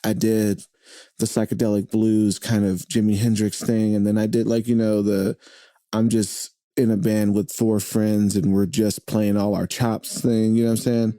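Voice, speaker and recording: A man's voice: fairly low pitch, little pitch movement, moderate pace, dark tone, no room sound, studio quality. A man in casual interview chat, talking in a rambling way with many fillers and restarts, recorded at the host's home. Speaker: podcast guest, drummer and radio host.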